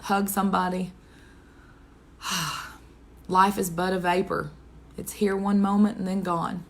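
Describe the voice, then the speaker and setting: A woman speaking as a devotional speaker, telling a personal testimony in an earnest, conversational way and closing with a prayer. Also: mid-range voice. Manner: earnest, conversational storytelling with wide swings in pace.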